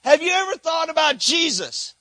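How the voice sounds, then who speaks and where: A middle-aged man preaching with a high, bright voice, with a tone that sits above most men's. He tells his stories animatedly, dropping to hushed asides and then rising to shouts. The sound is dry and close, with almost no room echo. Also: very animated, moderate pace. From Texas. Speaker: missionary preacher. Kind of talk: sermon.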